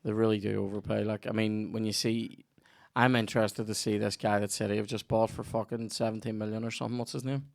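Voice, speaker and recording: Gravelly man, rambling chat. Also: on the low side, little pitch movement, quick pace, no room sound, clean studio sound. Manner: rambling, sweary, trails off mid-thought. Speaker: podcast host. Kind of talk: casual comedy podcast chat.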